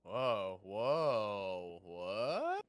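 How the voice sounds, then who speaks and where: A man's voice: lowish voice, very animated, extremely slow, no room sound. A young man hosting casual co-op gameplay, joking, swearing and exclaiming at scares. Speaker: gaming channel host.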